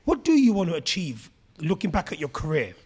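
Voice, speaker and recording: A podcast host with a slightly high, husky voice. He talks in a laid-back way, asks his questions loosely and calls his guest "bro" all the time. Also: wildly swooping pitch, fairly quick, a little mellow. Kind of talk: casual podcast interview.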